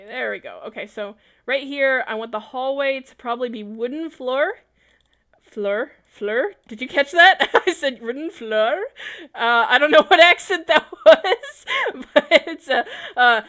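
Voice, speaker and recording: A woman's voice: on the high side, a bit bright, clear, resonant tone. A young adult woman giving casual livestream commentary while building in a game, chatty and laughing often.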